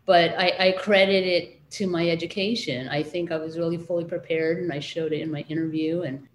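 A woman's voice: deep voice, fairly even intonation, a little fast, roomy sound. A middle-aged woman, a children's librarian, recalling her studies in a casual interview, hesitant with many fillers and restarts.

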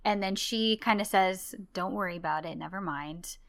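Bright-voiced woman co-host. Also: medium pitch, moderate pace. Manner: affirming listener, eager recapper. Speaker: podcast co-host. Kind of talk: casual chat.

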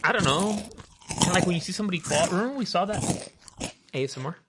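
A man's voice: high voice, lively intonation, quick pace, background noise. A young man telling a long story in casual chat, rambling and profane, with lots of "dude" and "hella". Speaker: podcast co-host telling a story.

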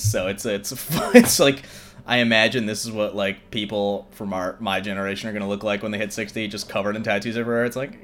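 A man's voice: lowish voice, fairly bright tone, slight background noise. A young man hosting a show, casually recapping a film in a rambling way with many fillers. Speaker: host.

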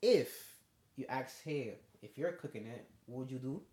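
A man's voice: medium pitch, moderate pace. Young guy on a podcast, acts out convos, echoey room. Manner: animated storyteller, acts out both sides of conversations. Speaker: podcast co-host. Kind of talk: casual chat. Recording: roomy echo.

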